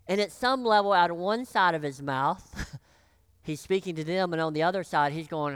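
A pastor preaching a sermon, acting out the voices of the people in the story, choked up and clearing their throat. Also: mid-range voice, normal speed, no echo. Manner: animated, acts out voices of biblical figures.

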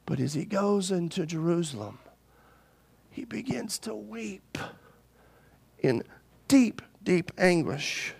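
A male pastor with a high, gravelly voice delivers a sermon at an unhurried pace. He swings between loud, excited bursts and hushed, intense passages.

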